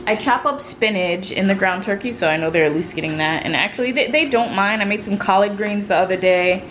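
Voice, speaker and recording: A woman's voice: mid-range voice, a little fast, reverberant, noisy background. A young woman vlogging at home, chatting to camera and coaxing her toddlers in a sing-song baby-talk voice. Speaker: vlogger and mother of triplets. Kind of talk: casual home vlog, talking to camera and toddlers. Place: home kitchen indoors.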